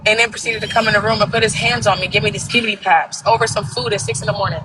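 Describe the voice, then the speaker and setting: A young woman hosting a live stream, telling animated, profane stories in casual chat and acting out the quotes. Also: medium pitch, rapid-fire, background noise. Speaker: TikTok live host.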